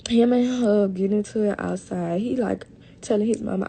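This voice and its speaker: Gravelly young woman telling a story. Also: medium pitch, normal speed, slight background noise. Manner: animated, talks to viewers as y'all, heavy swearing. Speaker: live streamer. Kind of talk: casual storytelling on a livestream.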